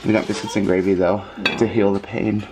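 A man's voice: on the low side, level tone, brisk, noisy background. A man hosting a casual family vlog, chatting playfully with his kids and the viewers. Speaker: vlog host, father. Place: outdoors on a home porch.

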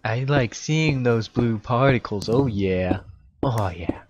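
A man giving casual, excitable and rambling commentary while playing a video game. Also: medium pitch, slow, dull audio, noisy background. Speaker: gaming YouTuber.

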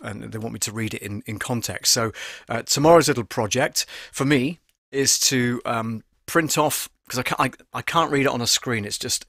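Man, voice actor, casual live-stream lesson, mid pitch, dry studio sound. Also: no echo. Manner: chatty and animated, with many fillers. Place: home studio booth. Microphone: studio microphone at close range.

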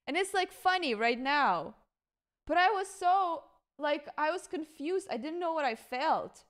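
A woman's voice: high voice, animated, unhurried. A woman streamer telling a story in casual chat, rambling with lots of fillers, swearing freely and laughing between thoughts. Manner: rambling, filler-heavy and profane, breaking into laughter.

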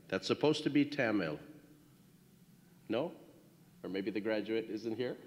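A man giving a ceremony speech at a graduation, playfully trying out congratulations in many languages before warmer closing words. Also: lowish voice. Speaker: school official addressing graduates. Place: large hall at a graduation ceremony. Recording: echoey hall, dull lo-fi sound.

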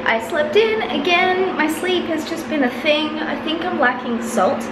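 A woman's voice: sits high, a little slow, background noise. A young woman chatting casually in a vlog, rambling and swearing offhandedly, sounding tired. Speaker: vlogger.

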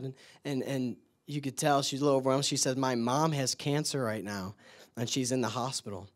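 A man preaching in church, telling excited stories with frequent laughter and then praying over the people. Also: mid-range voice, a little fast. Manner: laughs often, excited storytelling. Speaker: guest preacher. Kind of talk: sermon storytelling and prayer.

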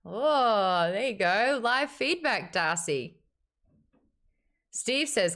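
A woman's voice: medium pitch, drawn-out words. Aussie lady reading chat and a book on stream, giggly, voice jumps all over. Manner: giggly, playful, animated. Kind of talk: casual live-stream chat and dramatic reading.

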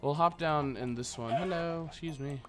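A man's voice: on the high side, moderate pace, fairly bright tone. Goofy, rambling young man playing a game. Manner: goofy, rambling, jokey asides to viewers. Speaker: gaming channel host. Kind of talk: casual let's play commentary. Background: faint background music.

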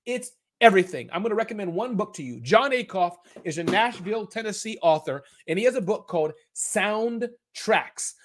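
A high-voiced, energetic man hosts a live online business summit, reading viewer questions aloud during a live-stream Q&A. He's chatty, repeats words for emphasis, and fires off quick answers in casual slang.

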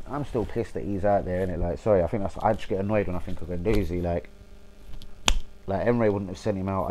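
A man's voice: fairly low pitch, dark tone, a little hiss or hum, low-quality recording. A young man, rambling casually about football, swearing a lot and losing his train of thought. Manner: rambling, swearing, forgetful asides. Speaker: football fan vlogger.

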